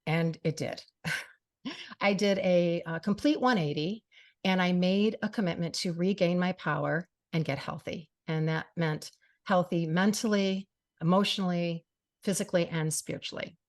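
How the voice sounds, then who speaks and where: Middle-aged female talk host, heartfelt and earnest, slightly low pitch, lots of "you know". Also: moderate pace. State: briefly tearful. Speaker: radio show and podcast host. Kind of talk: personal monologue to listeners.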